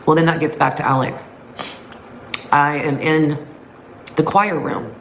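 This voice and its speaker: A woman's voice: low-pitched, a little hiss or hum, rough recording. A middle-aged woman recounting a painful memory from her past in a raw, emotional way. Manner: emotional, raw confessional retelling. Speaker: storyteller. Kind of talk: personal storytelling. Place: her bedroom at home.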